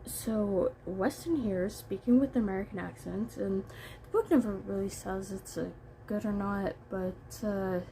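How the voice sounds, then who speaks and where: Slow, gravelly woman reviewing a book. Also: mid-range voice, warm tone, a little hiss or hum, low-quality recording. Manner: chatty, rambling, self-deprecating. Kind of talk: casual book review vlog.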